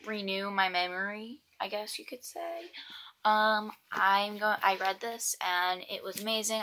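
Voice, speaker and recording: A thirteen-year-old girl chatting casually about books she read, rambling with frequent ums and quick asides. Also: mid-range voice, bright, forceful tone, a little hiss or hum. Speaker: book vlogger. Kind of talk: casual book review vlog.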